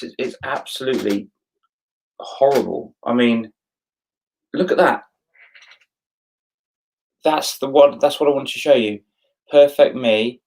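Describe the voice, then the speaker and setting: A man's voice: mid-range voice, a little mellow, rough recording. A middle-aged man hosting a casual livestream, greeting viewers by name and ranting with annoyance. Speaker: livestream host. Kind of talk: casual live chat to viewers.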